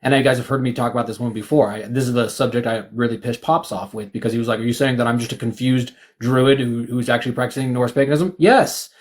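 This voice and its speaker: A man in a casual group conversation, blunt and profane. He stammers through restarts before pushing his point hard. His voice sits at an ordinary middle pitch for a man. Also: fairly even intonation, fast talker, few pauses. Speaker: guest.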